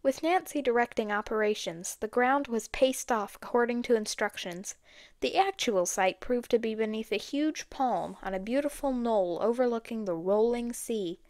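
A woman's voice: medium pitch, normal speed, dry recording. Woman narrating an audiobook, dry sound. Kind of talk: storybook narration.

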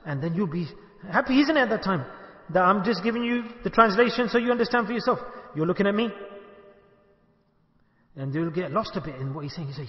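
A man's voice: high-pitched, animated, fairly quick. A man giving a sermon, asking his listeners questions and acting out little dialogues. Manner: rhetorical, asks the audience questions and acts out dialogue. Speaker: sheikh giving a religious talk. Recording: echoey hall, dull lo-fi sound.

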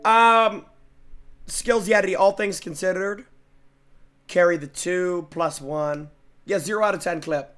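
A young man streaming and reacting to game clips, brash and profane, often breaking into shouting. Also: high-pitched, fairly even intonation, slow, long pauses. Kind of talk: loud casual stream commentary.

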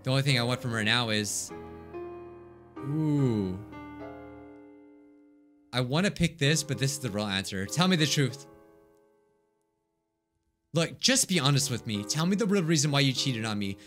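A man's voice: medium pitch, expressive, unhurried, pauses often, fairly bright tone, soft background music. A young man hosting a let's play, reading visual novel text aloud with dramatic, exclaiming reactions. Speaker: gaming let's play host.

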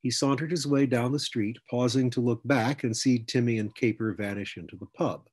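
A man reads a fantasy story aloud at a steady pace. His voice is husky and breathy, middle in pitch. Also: moderate pace. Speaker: audiobook narrator. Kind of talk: scripted narration.

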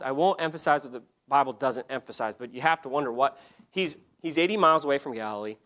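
A man teaching a church Bible lesson, telling the story in an animated way, acting out the quotes, often restarting his sentences. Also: mid-range voice.

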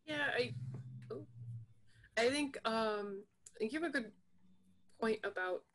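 A woman's voice: on the high side, slow pace, fairly bright tone. A woman co-hosting a film podcast who starts her reply hesitantly, gathering her thoughts as she speaks. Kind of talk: casual film discussion.

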